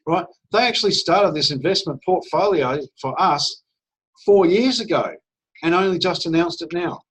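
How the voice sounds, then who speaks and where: A man giving an energetic, persuasive sales pitch on a video call, often checking in with "all right?". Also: moderate pace, husky. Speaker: network marketing presenter. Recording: dull lo-fi call audio.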